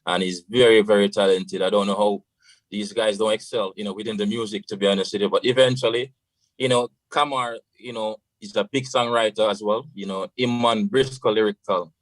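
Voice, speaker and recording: A man's voice: lowish voice, steady tone, a little fast, no room sound, rough recording. A Jamaican man, a radio guest, tells a long story in a loose, casual way, slipping into patois and saying "you know" often. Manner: rambling, full of "you know" and patois phrases.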